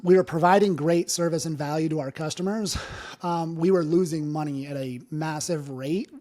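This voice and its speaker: Guy in his 30s, bit higher voice, earnest, talks through hard memories with lots of "you know". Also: normal speed, warm tone. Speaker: interview guest, business owner. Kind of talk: candid personal storytelling.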